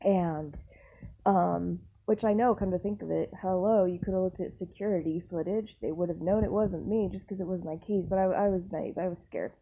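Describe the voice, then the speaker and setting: A young woman vlogging, telling a personal story in a chatty, animated way, full of restarts and exasperated asides. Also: on the low side, normal speed, phone-quality sound, slight background noise. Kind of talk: casual storytelling.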